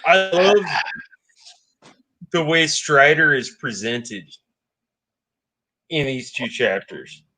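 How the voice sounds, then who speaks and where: Slow-talking stammering man in casual chat. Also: fairly high pitch, big pitch swings, sharp tone. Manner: stammering, repeats words while getting started. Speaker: podcast co-host. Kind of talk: casual book discussion.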